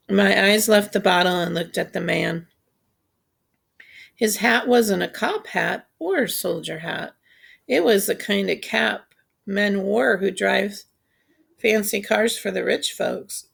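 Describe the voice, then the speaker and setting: Woman reading a kids' book out loud, slow and steady, lots of vocal fry. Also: mid-range voice. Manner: steady, unhurried storytelling. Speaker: audiobook reader. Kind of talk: scripted narration.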